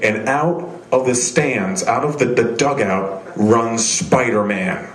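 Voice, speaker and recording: Young male stand-up, mid-pitched voice, self-deprecating, restarts a lot, roomy club sound. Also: measured pace, few pauses. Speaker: stand-up comedian. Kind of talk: live stand-up set. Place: small comedy venue stage.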